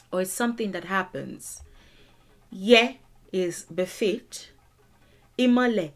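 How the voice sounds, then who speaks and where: Casting: woman, unhurried teacher, medium pitch. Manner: deliberate, emphatic, repeats words for stress. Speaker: language teacher. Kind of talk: explaining song lyrics in a lesson.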